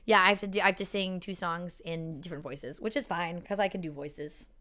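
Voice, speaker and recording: A woman's voice: on the low side, brisk, bright, forceful tone. A woman chatting on a live stream, laughing often and reading out viewer comments. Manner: reads viewer comments aloud. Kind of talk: casual live-stream chat.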